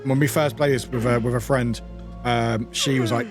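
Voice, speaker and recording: A young British man streaming a video game, chatting casually with lively outbursts, jokes and laughter. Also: mid-range voice, moderate pace, over music. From United Kingdom. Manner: animated, laughing, swearing, chatty. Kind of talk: casual gameplay commentary.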